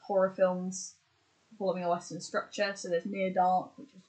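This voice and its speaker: A woman's voice: lowish voice, little pitch movement, moderate pace, darkish tone, rough recording. A woman in casual podcast chat, running through examples with lots of fillers and restarts. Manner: chatty, lists examples with many fillers and restarts. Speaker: podcast co-host.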